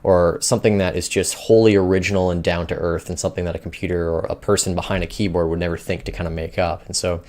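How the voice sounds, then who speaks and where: A man's voice: deep voice, level tone, fast, few pauses, a little mellow. A man hosting a finance news show, talking in loose, rambling casual commentary with many fillers.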